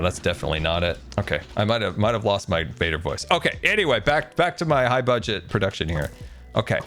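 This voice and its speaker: Male streamer, ranting, joking, lively pitch, faint music behind. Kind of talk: casual stream chat.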